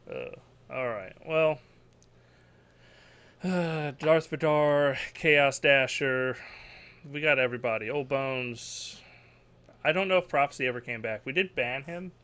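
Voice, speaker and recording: A man's voice: medium pitch, normal speed, pauses often, sharp tone. A man hosting a gaming podcast in casual chat, loose and joking, often laughing. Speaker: podcast host.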